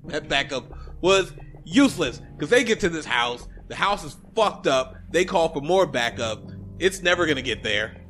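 A man's voice: on the high side, moderate pace, soft background music. A man casually recapping a film in chat, swearing freely and acting out the characters' lines. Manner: animated, profane, acts out characters' lines. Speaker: podcast co-host recapping a film.

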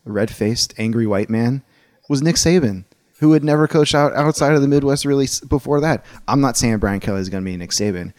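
A man's voice: mid-range voice, brisk, darkish tone, no echo, studio quality. A man co-hosting a sports podcast, talking in a casual, opinionated and rambling way, with frequent restarts.

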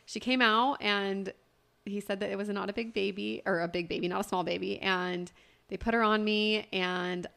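Young woman co-host, animated storyteller, casual chat, mid pitch. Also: moderate pace, vocal fry, clear, resonant tone. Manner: chatty, animated storytelling with quoted voices. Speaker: podcast co-host.

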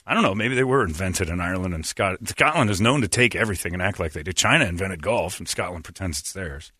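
A man's voice: low-pitched, expressive, fast talker, bright, forceful tone, slightly rough, no room sound, studio quality. A man hosting a radio show, teasing his co-hosts and telling stories in a joking way. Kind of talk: morning radio banter.

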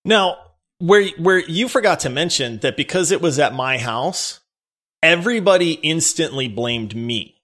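Animated man telling a story, lively pitch. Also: a little slow. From Louisiana. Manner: animated, laughs through his story, acts out quotes loudly. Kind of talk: casual storytelling chat.

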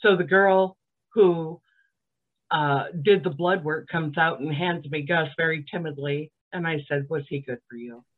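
A woman from Alabama tells a story as a guest on a comedy podcast, casual in content but dry and sardonic in delivery. Her voice is low-pitched, steady in tone, and measured in pace, heard over a tinny, phone-like line.

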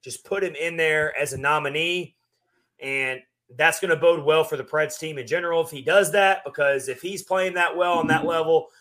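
A man co-hosting a sports podcast, talking casually and at length with relaxed fillers. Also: a little high. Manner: relaxed, talkative, drawn-out fillers. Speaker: podcast co-host.

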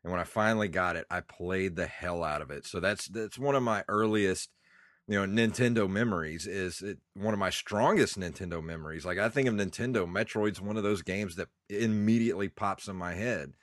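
Congested man with a low voice. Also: a little fast, dry recording, clean studio sound. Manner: rambling, nostalgic, laughs often. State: congested, coughing. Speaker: podcast co-host. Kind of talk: casual chat.

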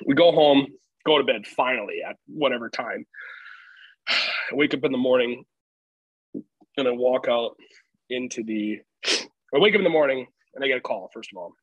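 A man's voice: mid-range voice, normal speed, pauses often, slightly rough, dry recording, muffled recording. A man in his twenties, a podcast co-host, telling a rambling story in casual chat and laughing along the way.

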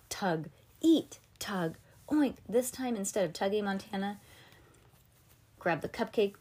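A woman's voice: lowish voice, darkish tone. A woman reading a novel aloud casually, correcting herself and adding chatty asides. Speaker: reader.

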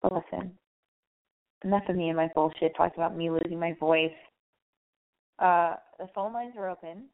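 A woman hosting a casual call-in radio advice show, raspy and hoarse from losing her voice, talking candidly in a rambling way and swearing freely. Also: lowish voice, steady tone, fairly quick, phone-quality sound.

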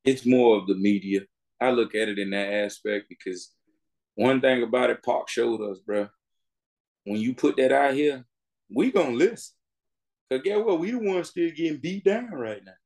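A man's voice: medium pitch, normal speed, darkish tone. A man who grew up in Miami, speaking as the guest on a podcast interview in an emphatic, preaching way. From Miami, Florida. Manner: preachy, emphatic, addresses listener as bro. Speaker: music artist guest.

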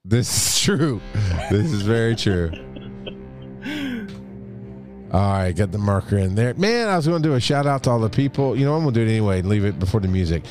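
A man's voice: fairly low pitch, very animated, a little fast, long pauses, over music. A man co-hosting a podcast in casual, upbeat chat, laughing often as he signs off. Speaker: podcast co-host.

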